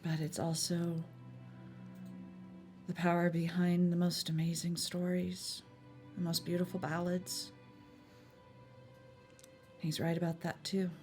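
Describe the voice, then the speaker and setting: A woman playing a tabletop role-playing game, speaking slowly and reflectively in character. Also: on the low side, monotone, darkish tone. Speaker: player. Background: faint music.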